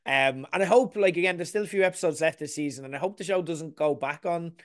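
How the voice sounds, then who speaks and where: A man's voice: on the high side, fast. A man reviewing TV shows in a casual, rambling chat full of asides.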